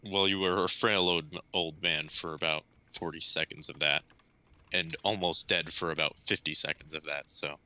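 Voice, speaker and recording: A man's voice: very deep voice, steady tone, normal speed, sharp tone, no room sound. A man playing a tabletop game, dry and sarcastic as he speaks in character. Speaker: player. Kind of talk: tabletop role-play.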